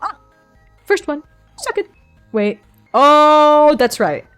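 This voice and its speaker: Excitable young woman streamer with lively pitch. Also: takes it slowly, faint music behind. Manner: excitable, laughs often, swears, squeals. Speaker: VTuber streamer. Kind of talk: casual live-stream chat. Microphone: desk microphone.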